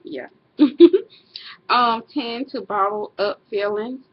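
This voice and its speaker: A middle-aged woman talks casually to camera for a personal vlog, rambling, correcting herself, and laughing often. Her voice is medium-pitched and a little slow. The audio is dull, lo-fi webcam sound with slight background noise.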